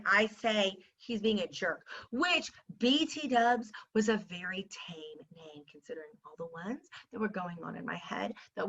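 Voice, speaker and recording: A woman's voice: medium pitch, bright, forceful tone, highs cut off. A woman telling a story to her viewers in a sarcastic, indignant rant. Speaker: vlogger.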